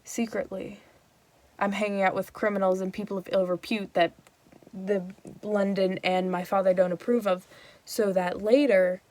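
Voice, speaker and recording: A woman's voice: mid-range voice, steady tone, normal speed, mellow, natural voice. Lady doing a sly young prince, smug little asides, mid voice.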